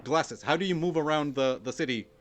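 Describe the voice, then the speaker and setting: Game master man, halting and relaxed. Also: on the high side, background noise. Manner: relaxed, many fillers and restarts. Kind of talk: narrating a tabletop game.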